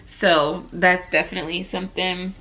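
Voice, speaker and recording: A woman's voice: on the low side, level tone, moderate pace, sharp tone. A young woman vlogger chatting casually to camera with lots of fillers, laughing as she tells stories.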